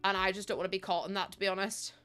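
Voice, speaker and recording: A woman's voice: medium pitch, level tone, very fast, fairly bright tone, smooth. A young woman with a Northern Irish accent, chatting casually to her live stream audience, laughing often and swearing now and then. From Northern Ireland.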